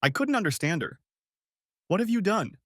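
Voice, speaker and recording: A man's voice: high-pitched, big pitch swings, normal speed, fairly bright tone, no room sound, clean studio sound, pitched above the performer's own voice. A man voicing an agitated father demanding answers from his son. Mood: alarmed. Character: alarmed scolding father.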